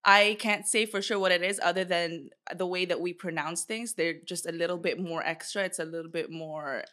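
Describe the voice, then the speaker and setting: Bright-voiced chatty young woman. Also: fairly low pitch, steady tone, normal speed. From Bahrain. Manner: chatty, rambling with fillers and slang. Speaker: guest, usual host of the show. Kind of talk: casual chat.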